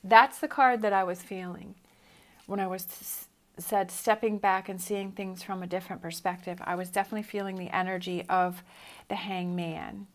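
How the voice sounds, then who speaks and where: A woman's voice: mid-range voice, steady tone, moderate pace. A middle-aged woman giving a motivational tarot reading, earnest and encouraging, repeating her reassurances. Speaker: tarot reader.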